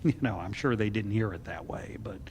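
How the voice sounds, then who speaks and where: A man's voice: fairly low pitch, fairly quick, darkish tone, slight background noise. Chatty deacon man teaching scripture. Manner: chatty and joking, with everyday asides. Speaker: deacon teaching a Bible class. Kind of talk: casual Bible study teaching.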